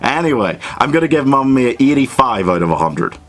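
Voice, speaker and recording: A man's voice: medium pitch, very animated, a little fast, a bit bright. A man giving a casual, comedic film review, sweary, self-mocking and enthusiastic.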